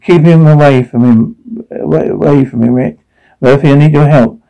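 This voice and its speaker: A man reading out a drama's dialogue along with its sound cues, in one even voice. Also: medium pitch, normal speed, creaky, low-quality recording.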